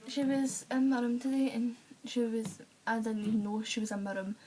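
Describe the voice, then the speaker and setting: A woman's voice: on the high side, little pitch movement, fairly quick, dark tone, slight background noise, rough recording. A woman telling rambling stories in a casual vlog, full of fillers and acted-out quotes. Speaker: vlogger.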